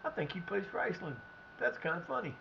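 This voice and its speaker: A man's voice: sits high, animated, quick pace, gravelly, lo-fi sound, noisy background. A man streaming a football management game, talking at his players, often frustrated and swearing. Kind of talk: live gameplay commentary.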